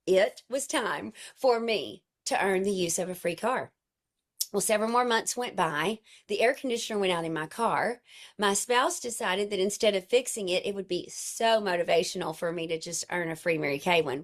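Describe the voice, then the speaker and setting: A woman telling an emotional personal story to her sales team in an earnest way. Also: mid-range voice. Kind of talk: personal storytelling to an online group.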